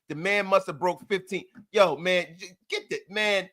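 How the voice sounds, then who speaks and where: High-pitched male streamer hosting a post-game fan show, excitable, loud and repetitive. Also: moderate pace, few pauses. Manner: excitable, loud, repeats himself, banters with chat.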